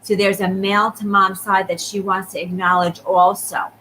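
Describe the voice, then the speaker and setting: A woman giving a live psychic reading, talking quickly and checking in often with the person she reads for. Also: mid-range voice, flat delivery, bright, forceful tone, slight background noise, low-quality recording. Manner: rapid, repeatedly checking in with the sitter. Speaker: psychic medium.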